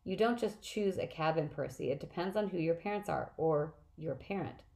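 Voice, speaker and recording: A clever teenage girl explains things earnestly and patiently, sure of what she knows, voiced by a woman reading aloud. Her voice sits low and calm. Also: normal speed, vocal fry.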